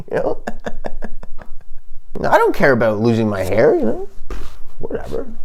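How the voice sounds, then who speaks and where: A man hosting a comic monologue, rambling and halting with many fillers, delivering sardonic deadpan jabs. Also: medium pitch, creaky. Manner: halting, full of fillers and restarts. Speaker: comedian host.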